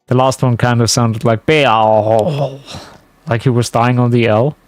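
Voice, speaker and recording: A man's voice: mid-range voice, steady tone, measured pace, dry recording, faint music behind. A man chatting casually to his stream viewers while playing, musing aloud as he goes. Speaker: game streamer. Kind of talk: casual live-stream commentary.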